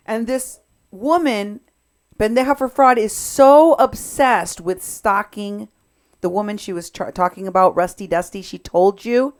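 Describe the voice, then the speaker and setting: Animated woman commentating on audio clips. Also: mid-range voice, measured pace. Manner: animated, emphatic retelling. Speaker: podcast host.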